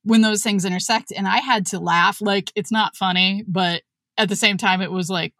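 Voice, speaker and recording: A woman's voice: medium pitch, fairly even intonation, normal speed, fairly bright tone, no echo, clean studio sound. A woman, a writer who once worked at a school, telling stories bluntly and with animation in casual chat. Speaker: author and former school staff.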